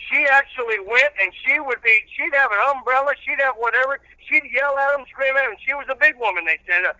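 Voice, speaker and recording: A man's voice: extremely high pitch, bright, forceful tone, dry recording, low-quality recording. A male radio personality talking casually as a guest, rambling with many filler sounds. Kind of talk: casual chat.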